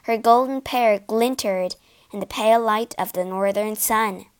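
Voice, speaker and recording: A woman reading a fairy tale aloud as narrator, in a careful, expressive manner. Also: medium pitch, unhurried, clear, resonant tone. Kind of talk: storybook read-aloud.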